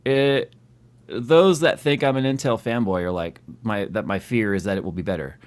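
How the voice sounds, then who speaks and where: A man's voice: fairly low pitch, normal speed. A man hosting a tech live stream, chatting casually and teasing his co-host. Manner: teasing, joking.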